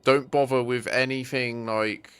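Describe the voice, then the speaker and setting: Bright-voiced man chatting over gameplay. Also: medium pitch, fairly even intonation, measured pace, smooth. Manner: rambling, playful, sings snatches. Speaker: game streamer. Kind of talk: casual gameplay chat.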